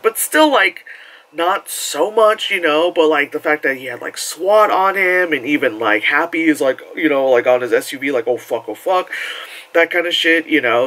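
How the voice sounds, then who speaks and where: A man giving a casual spoken movie review, rambling and animated, full of fillers, who acts out shouts from the crowd. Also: fairly high pitch, poor audio.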